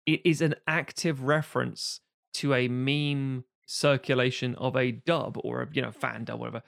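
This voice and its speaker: A man co-hosting a film podcast in casual chat, animated and given to sudden exaggerated quoted voices. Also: medium pitch, moderate pace, vocal fry. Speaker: podcast co-host.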